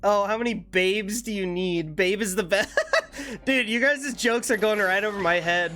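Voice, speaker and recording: A man's voice: high voice, normal speed, bright, forceful tone. A young man streaming a game, chatting casually with his viewers, laid-back, laughing often and swearing freely. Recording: faint music behind.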